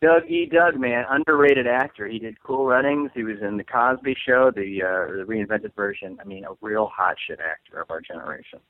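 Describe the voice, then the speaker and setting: A man's voice: lowish voice, moderate pace, few pauses, no room sound. Rambling comedian man on a tinny line. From St. Louis, USA. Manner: rambling, self-mocking, laughs often. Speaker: comedian guest. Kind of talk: casual chat. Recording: dry, phone-like line.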